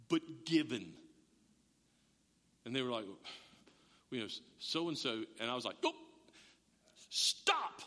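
A middle-aged man preaching a sermon as a pastor, animated, acting out voices and often restarting his words. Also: mid-range voice. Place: church sanctuary. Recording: long reverb of a church hall.

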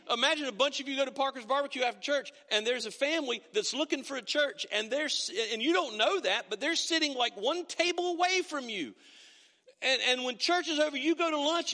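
High, bright-voiced man preaching in a big hall. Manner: folksy, conversational storytelling with many restarts. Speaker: pastor. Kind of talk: sermon. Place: church sanctuary.

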